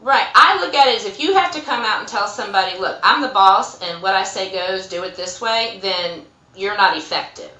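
Middle-aged clinic boss, bright tone, lively storyteller, roomy echo. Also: female voice, mid-range voice, a little fast, few pauses. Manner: animated storyteller, acts out quotes. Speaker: urgent care center administrator, guest. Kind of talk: casual interview chat.

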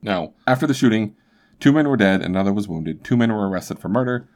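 A young man with a very low voice tells a true crime story on his podcast. He talks casually and rambles, with many filler asides. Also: expressive, quick pace, a little mellow. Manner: chatty and rambling, full of "like" asides. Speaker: podcast host.

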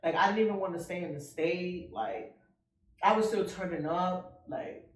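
A woman's voice: on the low side, normal speed. Blunt, cursing young woman in an echoey room. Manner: blunt, profane storytelling, acting out quoted lines. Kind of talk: candid casual chat. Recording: echoey room, mic at a distance.

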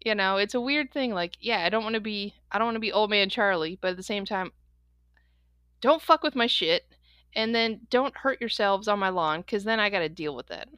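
A young adult woman co-hosting a podcast, telling stories in a quick, animated way and laughing often. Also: medium pitch, clear, resonant tone, no room sound. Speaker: podcast co-host. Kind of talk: casual chat.

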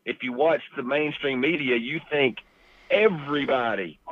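A man's voice: mid-range voice, moderate pace. Chatty man on a tinny phone line. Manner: chatty anecdotal storyteller. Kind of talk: casual political talk, storytelling.

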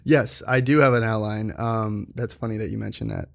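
A man's voice: fairly low pitch, fairly even intonation, creaky, no echo. Rambling joking man host, dry sound. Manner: rambling, halting restarts, joking. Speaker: podcast host. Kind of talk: casual podcast chat.

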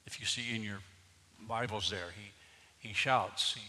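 A man preaching a sermon as pastor, moving from quiet scripture reading to loud, emphatic preaching. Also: on the low side, slow, big-room sound.

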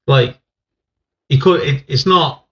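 A man's voice: medium pitch, slow pace, fairly bright tone, dull audio. A man in his forties, an army veteran who was born in England and raised in Northern Ireland, telling rambling stories in a casual podcast chat. He swears freely and laughs often.

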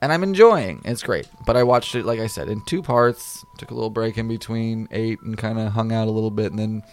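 A man's voice: on the low side, fairly quick. A man co-hosting a podcast in a small home studio, chatting casually about movies with profane, sarcastic rants. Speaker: podcast co-host.

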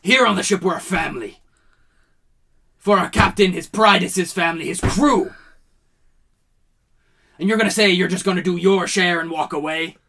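A man voicing a gruff, proud, hot-tempered male ship captain who barks orders at a boy. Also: mid-range voice, animated, takes it slowly, hardly any pauses, exaggerated voice. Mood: furious. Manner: barking, shouting at a boy.

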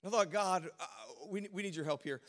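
A man preaches to his congregation in a bright, forceful voice pitched a little high. He talks his way through a personal story, stumbling over words and restarting often. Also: brisk. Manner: preaching climax, shouting and sing-song, then relaxed storytelling with stammers. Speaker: pastor. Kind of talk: sermon.

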